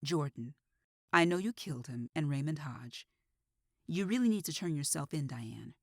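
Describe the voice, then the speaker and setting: A woman voicing a frightened young female teacher who speaks quietly and huskily in a storybook reading. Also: deep voice, lively intonation, normal speed, no room sound, clean studio sound. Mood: scared. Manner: quiet, barely above a whisper. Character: scared young woman teacher under threat.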